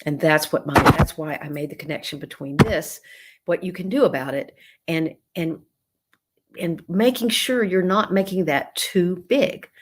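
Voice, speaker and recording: A middle-aged woman with a Southern American accent talks as a psychologist answering viewer questions. Her voice sits low. She retells a client's story and explains ideas in a conversational way. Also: normal speed, slight background noise. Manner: warm conversational advice with retold dialogue. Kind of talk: live-stream Q&A.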